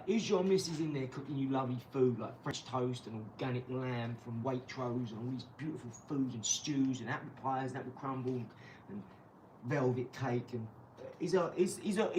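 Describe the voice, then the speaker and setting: A young man streaming live from his garage, mocking and trash-talking a viewer with sudden loud outbursts. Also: mid-range voice, moderate pace, recorded from a distance, slight background noise, low-quality recording. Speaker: livestreamer. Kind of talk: live stream chat while boxing.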